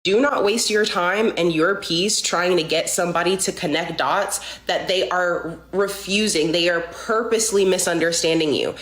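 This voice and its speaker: A woman with a lowish voice giving blunt, numbered advice. Her voice carries a roomy echo around it. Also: moderate pace, few pauses, a bit bright. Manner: blunt, lists points by number. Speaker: commentator in a played video clip. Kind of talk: direct advice talk.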